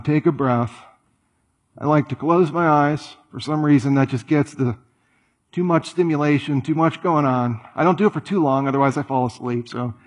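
A man preaching a sermon in a conversational, animated way, full of rhetorical questions and playful asides. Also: fairly high pitch. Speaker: pastor.

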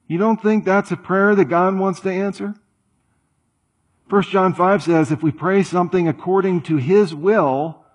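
Husky-voiced male pastor preaching conversationally. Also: sits high. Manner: conversational, animated with rhetorical questions. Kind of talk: sermon.

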